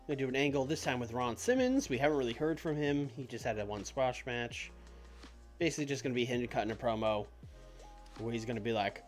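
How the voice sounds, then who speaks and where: A man's voice: medium pitch, lively intonation, quick pace. A man streaming a game, talking casually and offhand, thinking aloud and swearing now and then. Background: faint background music.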